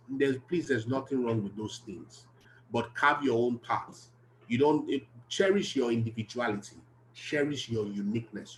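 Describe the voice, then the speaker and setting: A man's voice: mid-range voice, a little hiss or hum, rough recording. A man giving an earnest, emphatic self-help talk, repeating key phrases to drive them home. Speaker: behavioral health speaker.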